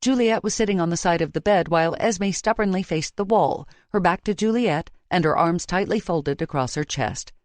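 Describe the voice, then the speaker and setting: A woman reading a romance audiobook in a measured, emotive way, close to the microphone. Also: lowish voice, no echo. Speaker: audiobook narrator. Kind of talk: scripted romance narration. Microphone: close studio mic.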